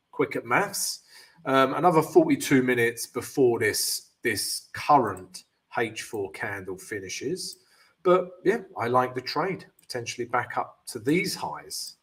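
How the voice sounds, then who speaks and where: A man hosting a live trading stream, casually talking through chart analysis and answering viewers, often calling them guys and filling pauses with yeah and um. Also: mid-range voice. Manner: casual, addresses viewers as guys, many fillers.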